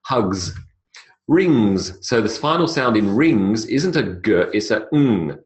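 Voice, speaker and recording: Slow, deep-voiced man teaching pronunciation. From not South America. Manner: slow, drawn-out model words, lively pitch jumps on examples. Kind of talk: classroom lecture.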